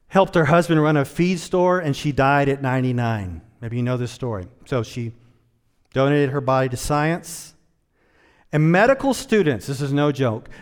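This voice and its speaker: A man delivering a sermon as a pastor, dropping to quiet asides and rising to loud, emphatic points. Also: in a large hall. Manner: swells from low, quiet asides to high, emphatic preaching.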